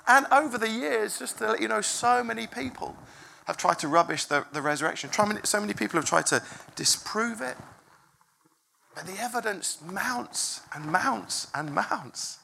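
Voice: medium pitch, gravelly, bright, forceful tone, a little hiss or hum. A preacher telling a story to a congregation in an informal sermon, chatty and self-interrupting, often laughing. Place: room with a congregation.

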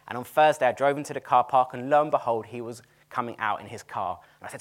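Lively man preaching. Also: medium pitch, quick pace. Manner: animated, chatty, laughs at his own stories. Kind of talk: sermon with storytelling. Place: cinema used as a church venue.

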